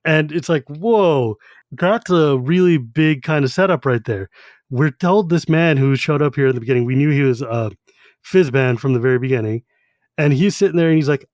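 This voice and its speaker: A podcast co-host, animatedly retelling a novel and acting out its voices. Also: male voice, fairly high pitch, moderate pace, a little mellow, no echo. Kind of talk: casual chat.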